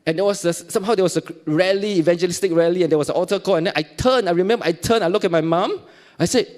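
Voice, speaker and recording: A man's voice: high-pitched, fast talker. A middle-aged man from Singapore with a Singaporean accent, giving a personal testimony at church and acting out the dialogue as he tells it. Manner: animated storytelling, acting out dialogue, frequent laughs.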